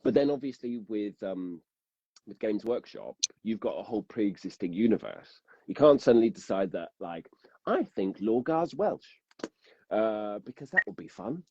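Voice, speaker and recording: Guy who narrates audiobooks, low voice, rambly and self-deprecating, flat dull call sound. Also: moderate pace, husky. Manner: self-deprecating, chatty, many fillers. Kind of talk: casual interview chat.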